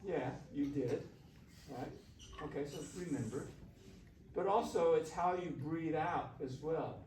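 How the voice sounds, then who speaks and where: A shakuhachi instructor with a fairly high, darkish voice speaks at a measured pace in a classroom workshop. His manner is coaxing and conversational, with plenty of questions for the class. The sound is distant and roomy, with a faint hiss.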